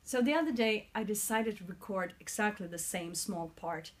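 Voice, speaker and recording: Speaking at normal speed in a mid-range voice, a woman from Sweden in her forties describes how her singing is coming along. It's a casual vlog about her vocal training, recorded on a mobile phone, and with her Swedish accent she sounds earnest, occasionally searching for the right word.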